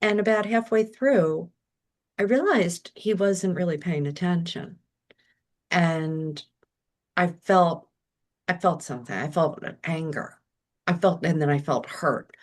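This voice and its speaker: Reflective woman with a low voice. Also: slow. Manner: reflective, acts out her own inner voice in quotes. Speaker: guest. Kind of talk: casual interview talk.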